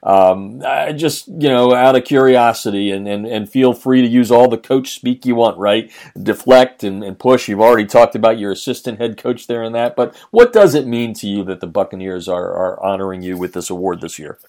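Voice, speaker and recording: A man's voice: lowish voice, normal speed, hardly any pauses, darkish tone. A man hosting a podcast, asking an interviewee questions in a casual, friendly way. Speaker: podcast host.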